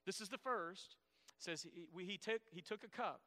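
A man's voice: high-pitched, moderate pace, sharp tone, long reverb tail. A man preaching a sermon, explaining scripture and asking his congregation questions. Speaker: pastor.

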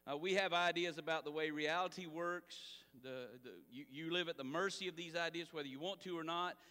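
A man preaching a sermon as pastor, animated and calling out to the congregation. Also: fairly high pitch, brisk, clean tone, long reverb tail. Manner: animated preaching with audience call-outs.

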